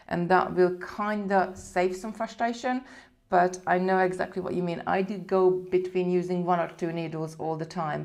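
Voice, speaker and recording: Chatty woman doing a live beading tutorial, kinda low voice with a gravelly edge. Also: darkish tone. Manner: chatty, talks viewers through steps while working.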